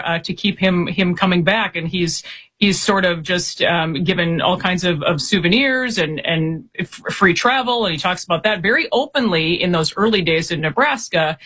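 A man in his forties speaks as a reporter guest on a political interview. His voice sits high and sounds bright and forceful. He talks quickly, stumbling through restarts and fillers. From Minnesota.

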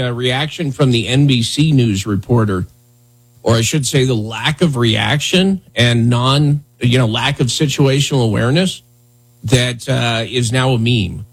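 A man hosts a morning talk radio show from the studio, chatting loosely and mocking the news with a sarcastic, joking tone. His voice is somewhat husky, at an everyday pitch. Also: rough recording.

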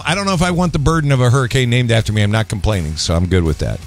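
Joking, lively-voiced radio host, man. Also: mid-range voice, a little fast, soft background music. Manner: rambling and joking, with lots of restarts. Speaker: radio morning show host. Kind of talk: casual on-air banter.

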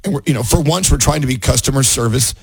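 A man's voice: medium pitch, fast, breathy edge, no echo. A man hosting a radio show, chatting casually in the studio and laughing often.

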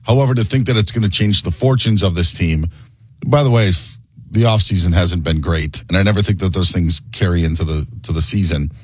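Husky, skeptical low-voiced analyst. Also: male voice, dry recording. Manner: measured, skeptical, blunt. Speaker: sports radio analyst. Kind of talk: measured sports analysis.

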